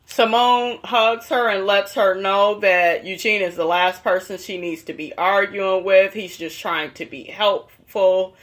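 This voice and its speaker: A woman's voice: mid-range voice, steady tone, a little slow, hardly any pauses, fairly bright tone. Sassy gossiping woman. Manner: sassy, profane, slangy with "honey" and "child". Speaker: vlogger recapping a reality show. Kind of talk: casual gossipy recap.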